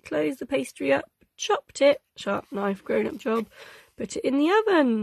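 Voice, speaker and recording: A woman's voice: a little high, lively intonation, a little slow, creaky, darkish tone, slightly rough, no echo. Sleepy, sing-song woman, close and dry. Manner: cosy, chatty and sing-song, stretching out dish names. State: sleepy, yawning. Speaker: host reading a vintage cookbook to children. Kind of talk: gentle read-aloud for children.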